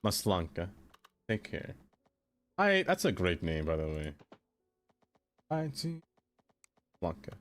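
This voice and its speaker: Playful low-voiced male game streamer. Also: wildly swooping pitch, slow pace, long pauses. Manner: playful, teasing, bursts into high sing-song catchphrases. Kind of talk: casual live-stream chat with viewers.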